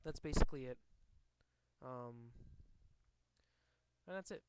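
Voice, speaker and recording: A man with a mid-range voice casually reads a comic aloud and comments on it, though the recording is very noisy. He halts often, stumbling over lines, rereading them and correcting himself.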